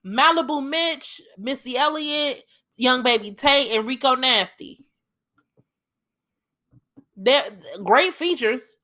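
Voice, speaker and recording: A young woman holds forth on her solo podcast, heated and emphatic, swearing freely. Her voice is bright and forceful and sits somewhat high. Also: slow pace. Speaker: podcast host.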